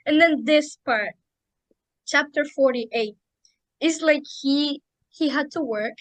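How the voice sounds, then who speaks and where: A woman's voice: high voice, takes it slowly, dry recording, low-quality recording. A young woman chatting on a podcast as an emotional fan who keeps acting out quotes. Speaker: podcast co-host or guest. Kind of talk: casual chat.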